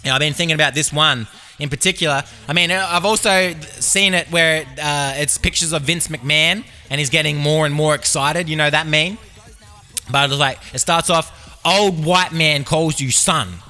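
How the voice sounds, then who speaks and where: An Australian man talks his way through a meandering comic monologue, full of ums and likes. His voice is bright and fairly high for a man, and faint music plays underneath. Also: fairly even intonation, normal speed. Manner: absurd, meandering, filler-heavy. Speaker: podcast host. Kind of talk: rambling comedic monologue.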